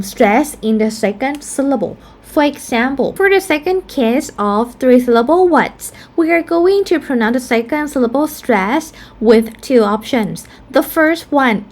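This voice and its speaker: A woman teaching pronunciation, explaining stress rules and saying each example word twice with fillers like "um" and "like". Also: fairly high pitch. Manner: casual fillers like "like" and "um". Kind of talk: slow explanatory lesson.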